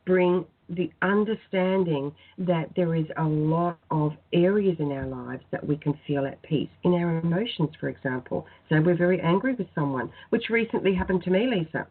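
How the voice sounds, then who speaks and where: A woman, speaking in a soft, earnest, heartfelt way as a spiritual guest on a talk radio show. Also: on the low side, normal speed. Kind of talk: phoned-in radio chat, guided prayer. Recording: tinny phone-line sound.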